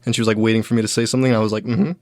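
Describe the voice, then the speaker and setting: A man's voice: lowish voice, flat delivery, racing, dry recording. A young adult man hosting a comedy show, telling rambling everyday stories with lots of fillers and restarts. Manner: rambling, filler-heavy, quoting others in raised voices. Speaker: comedian host. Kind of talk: casual storytelling monologue.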